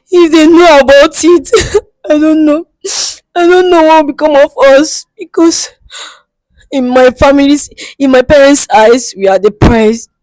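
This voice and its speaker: A woman plays a distraught young woman in a skit, tearful and begging for help, repeating her pleas. Her voice sits fairly high and moves slowly. The sound is dry and close. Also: darkish tone, no room sound, low-quality recording. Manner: tearful, pleading, repeats herself. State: crying. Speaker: guest seeking help. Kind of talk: scripted comedy skit acting. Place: studio.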